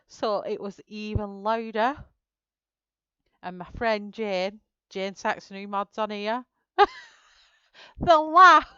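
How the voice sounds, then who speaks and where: Woman streamer, casual chat, slow and giggly, clear smooth voice, a bit dull lo-fi sound. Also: mid-range voice, no room sound. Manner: giggly storytelling, laughing through her words. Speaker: live-stream colouring host.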